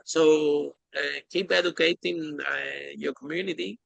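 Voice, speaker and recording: A man hosting a podcast interview, talking in an animated, emphatic way with phrasing. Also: a little high, a little slow, gravelly, no echo, rough recording. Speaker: podcast host. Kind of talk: casual interview chat.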